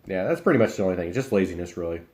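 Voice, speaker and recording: Easygoing streamer, lowish voice. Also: male voice, rapid-fire. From Iowa, US. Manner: relaxed, rambling, talks while eating. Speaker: live streamer. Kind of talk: casual chat reading viewer comments.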